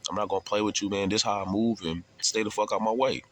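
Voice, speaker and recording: A man voicing a tough older male inmate who talks bluntly and with quiet menace. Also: steady tone, quick pace, lightly acted. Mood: menacing. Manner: blunt, low-key menacing.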